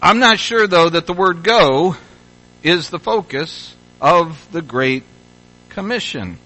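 A man from Louisville, Kentucky, preaching in a high, bright voice. He talks through the sermon in an easy, conversational way, repeats himself as he restarts phrases, and now and then builds to energetic calls. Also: slow pace, low-quality recording. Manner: conversational, with restarts and rising exhortations. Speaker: pastor.

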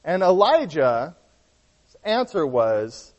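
Higher-voiced man preaching in an echoing hall. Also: sing-song, slow pace. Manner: earnest Bible teaching with frequent restarts. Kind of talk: sermon. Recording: dull lo-fi sound with long hall reverb.

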